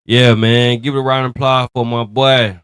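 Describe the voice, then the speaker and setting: A man's voice: mid-range voice, level tone, moderate pace, noisy background. Slangy man hosting a commentary show. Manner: slangy, emphatic, rambling. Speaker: host. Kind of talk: casual commentary.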